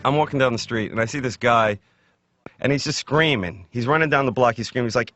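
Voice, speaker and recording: A man telling stand-up stories, jumping into shouted high voices for the people he describes. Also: fairly quick, no room sound, highs cut off. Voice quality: shouts bits in a high put-on voice. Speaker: stand-up comedian. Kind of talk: stand-up storytelling.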